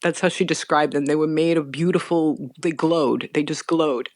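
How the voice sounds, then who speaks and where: A middle-aged woman telling a personal story as a guest, earnest and animated, often restarting her sentences. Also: sits low, normal speed, no echo, clean studio sound.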